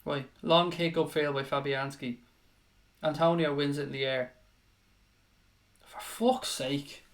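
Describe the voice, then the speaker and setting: A man hosting a live football watchalong, commentating in a frustrated, sweary way with bursts of shouting. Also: a little high, steady tone, unhurried. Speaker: watchalong host. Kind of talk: live fan reaction commentary.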